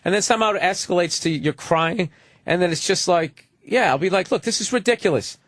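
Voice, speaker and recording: A man's voice: sits high, fairly quick, no room sound. A man in a radio studio, telling stories animatedly and acting out arguments. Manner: animated storyteller, acts out arguments. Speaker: radio talk show panelist. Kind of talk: casual studio banter.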